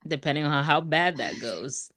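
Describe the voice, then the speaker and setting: Low-voiced woman hosting a playful podcast quiz. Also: expressive, normal speed, fairly bright tone, no echo, clean studio sound. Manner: playful, teasing, laughs often. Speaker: podcast co-host running a trivia game. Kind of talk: casual chat. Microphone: studio podcast mic.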